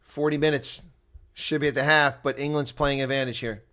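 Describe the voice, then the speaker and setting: A man commentates a rugby match alone, live, in a medium pitch at normal speed, mixing play-by-play with color. Chatty and easily excited, he alternates between loud bursts and muttered side comments.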